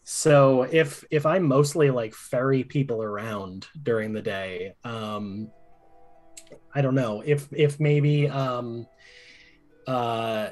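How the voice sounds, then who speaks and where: A man talking casually while creating characters for a tabletop game, rambling with lots of pauses. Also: medium pitch. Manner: rambling, many fillers and restarts. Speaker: game player and host.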